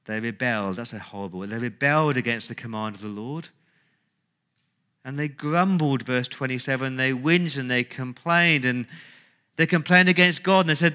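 A man's voice: medium pitch, normal speed, pushed and bright, clear, resonant tone. A man preaching a sermon as pastor, emphatic, with rhetorical questions and repeated phrases.

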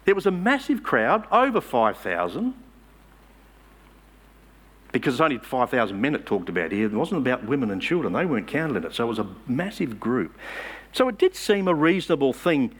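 A man's voice: medium pitch, sing-song, a little fast, fairly bright tone, breathy edge. A man preaching a sermon in church, emphatic and asking the congregation rhetorical questions.

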